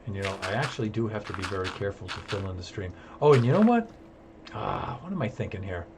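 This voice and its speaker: A man's voice: on the low side, animated, fast talker, noisy background. A man chatting through live gameplay commentary, self-amused and handing out jokey tips. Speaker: streamer.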